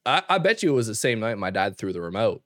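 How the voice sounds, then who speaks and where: A young man from Canada telling an animated story on a casual podcast, full of fillers and quick asides. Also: lowish voice, no room sound, clean studio sound. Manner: animated storyteller, fast filler-heavy talk with laughs. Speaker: podcast co-host. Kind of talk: casual chat.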